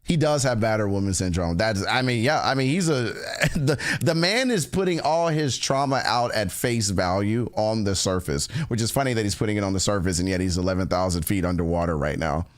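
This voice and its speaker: A man's voice: fairly low pitch, a little fast, few pauses. A man chatting casually on a livestream, reacting to music with slangy talk and frequent laughter. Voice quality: animated, laughs often, slangy.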